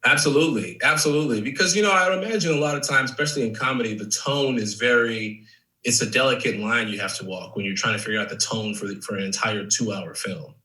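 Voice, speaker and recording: Animated actor guest from Chicago. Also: male voice, medium pitch, fast talker, recorded from a distance, low-quality recording. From Chicago, USA. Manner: animated storyteller, many fillers like "like" and "man". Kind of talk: casual interview chat.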